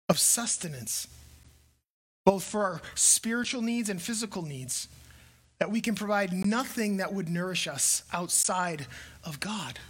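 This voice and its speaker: A woman preaching a sermon, emphatic and deliberate, repeating key phrases with pauses between them. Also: medium pitch, a bit bright.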